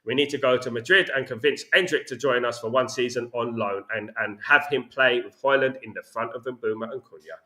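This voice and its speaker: A man's voice: mid-range voice, steady tone, a little fast, hardly any pauses, pushed and bright. A man hosting a casual live stream, reading viewer comments aloud and answering them bluntly, often repeating himself. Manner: blunt, opinionated, repeats himself with "you know what I mean". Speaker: host reading viewer chat.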